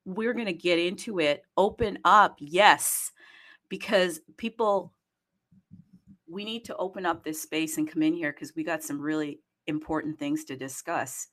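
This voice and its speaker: A woman with a fairly low voice hosts a live online audio chat. She talks casually and playfully, tossing out jokey greetings to listeners. Her delivery is lively and full of little fillers. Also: measured pace. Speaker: host of a live audio space.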